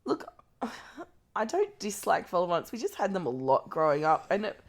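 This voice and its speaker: A woman from Australia co-hosting a casual chat podcast, making wry deadpan jokes and swearing now and then. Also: on the low side, moderate pace. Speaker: podcast co-host.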